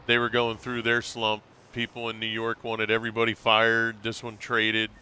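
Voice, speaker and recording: A man's voice: on the low side, monotone, normal speed, sharp tone, clear, resonant tone. A man streaming live, chatting casually and rambling, calling his viewers bro. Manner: laid-back, rambling, calls viewers bro.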